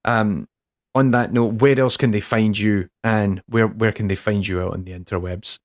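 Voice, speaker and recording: A man's voice: fairly low pitch, steady tone, normal speed. An English man hosting a podcast in casual chat, rambling and self-deprecating, with many restarts. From England. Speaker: podcast host.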